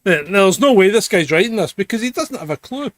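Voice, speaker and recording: Brief: male host, fairly high voice, blunt and opinionated, dry close mic. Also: expressive, fairly quick, a bit bright, no room sound. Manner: blunt, plain-spoken, swears. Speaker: podcast host. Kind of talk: casual chat.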